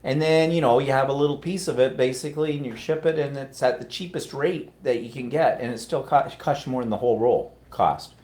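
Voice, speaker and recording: A middle-aged man with a Canadian accent talks in an easygoing, rambling way, co-hosting a live stream. He reads viewer comments aloud and chats back to them in a mid-pitched voice. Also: brisk, few pauses, darkish tone. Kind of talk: casual live-stream chat.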